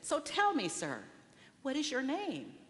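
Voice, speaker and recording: A woman voicing a polite, eager young holy man who asks gentle, high questions, heard in a long-echoing hall. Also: wildly swooping pitch, a little slow, heavily acted.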